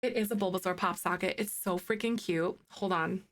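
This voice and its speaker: A woman's voice: mid-range voice, fairly quick. A woman in her thirties chatting casually with live viewers on her stream, bubbly and giggly, gushing over things she loves. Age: 30s. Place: home streaming setup with green screen.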